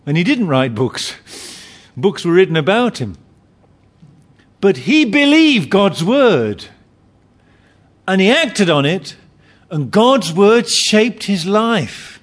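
A man's voice: high voice, big pitch swings, takes it slowly, long pauses. A man preaching a sermon, emphatic, often repeating and restarting his phrases.

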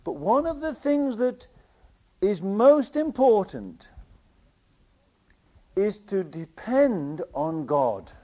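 A man preaching a sermon with passion, repeating phrases and swinging between loud declarations and quiet asides. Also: sits high, big pitch swings, drawn-out words, long pauses.

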